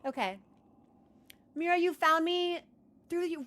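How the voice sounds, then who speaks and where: A woman's voice: on the high side, normal speed, bright, forceful tone, a little hiss or hum. A young woman livestreaming from her computer desk, talking casually and earnestly to her viewers with lots of restarts and "like"s. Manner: rambling, earnest, with many restarts and "like"s. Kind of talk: casual chat to stream viewers.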